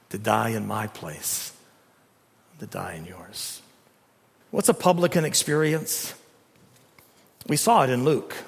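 A man preaching a sermon in a church, dramatic, swinging from loud emphasis to hushed tones. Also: mid-range voice, vocal fry. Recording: long reverb of a hall.

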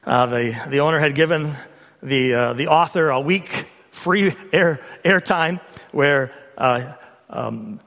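A middle-aged man preaching a sermon as a pastor, emphatic and rising to loud peaks on key points. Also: fairly high pitch, takes it slowly. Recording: long reverb of a large hall.

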